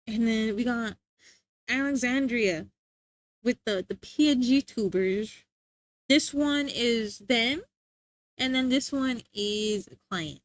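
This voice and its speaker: A young woman streaming live, chatting casually with viewers, giggly, excitable and rambling. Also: a little high, slow pace, long pauses.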